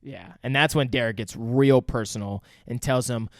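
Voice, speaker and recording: A man co-hosting a podcast, recapping a film in casual, excitable talk with heavy swearing. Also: mid-range voice, moderate pace, no echo, studio quality. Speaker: podcast co-host.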